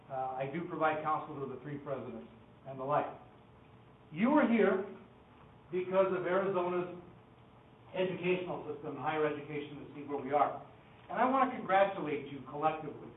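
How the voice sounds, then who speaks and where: Man giving a wry public talk, far and echoey. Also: a little high. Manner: folksy storytelling, wry humor, halting restarts. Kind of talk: public lecture with anecdotes. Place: lecture room. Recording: far-off echoey hall on a tinny lo-fi line with faint noise.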